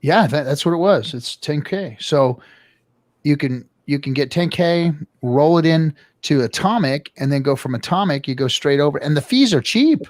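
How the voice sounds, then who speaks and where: Give me a profane, animated middle-aged man chatting on a livestream, dry mic. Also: on the high side, normal speed, no echo. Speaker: show regular. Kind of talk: casual livestream chat.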